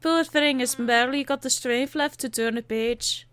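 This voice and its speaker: Lady doing a spirited scottish princess, big hammy brogue, high voice. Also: fairly even intonation, normal speed, a bit bright, clean tone. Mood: earnest. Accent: put-on Scottish. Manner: exaggerated hearty brogue, reading game dialogue aloud.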